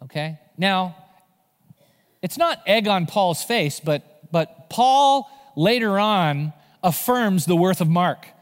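Animated pastor in a reverberant church hall. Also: male voice, high-pitched, slow pace. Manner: animated storytelling, acting out voices. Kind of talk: sermon.

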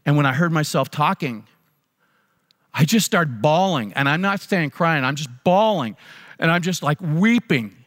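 A man's voice: fairly high pitch, lively intonation, normal speed, a bit bright. A man, a pastor, preaching a sermon and telling a personal story earnestly, repeating phrases for emphasis. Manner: earnest, repetitive emphasis, frequent restarts. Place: church sanctuary. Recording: long reverb of a large hall.

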